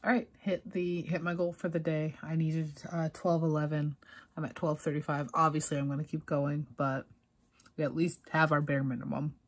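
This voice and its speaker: A woman's voice: deep voice, little pitch movement, normal speed. A woman in a casual, rambling vlog chat about her writing day, with many fillers. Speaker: writer vlogging her progress.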